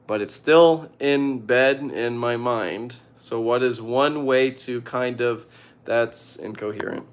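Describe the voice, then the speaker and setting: A young man casually reading out viewer questions and giving joking, deadpan advice. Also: medium pitch, slow, clear, resonant tone. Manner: reads questions aloud, jokey deadpan answers. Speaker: streamer answering viewer questions.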